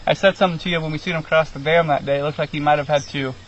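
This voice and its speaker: A young man with a slightly high voice races through an animated account of a family hunt he joined as the son, acting out what everyone said. He recounts it casually outdoors in rural fields, where dull audio picks up faint field noise and the sound of crickets and insects.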